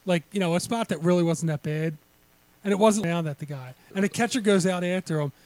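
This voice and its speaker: A man chatting about sports on a podcast in a quick, reactive way. His voice is high for a man, and he talks fast. The sound is dry and close, with no room around it. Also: darkish tone, dry recording. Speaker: podcast co-host. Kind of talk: casual sports chat.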